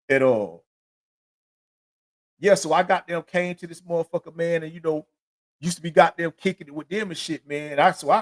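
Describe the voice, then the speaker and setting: Rambling, profane middle-aged man. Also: on the high side. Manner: rambling, profane, constant filler phrases. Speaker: podcast host. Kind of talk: solo storytelling monologue.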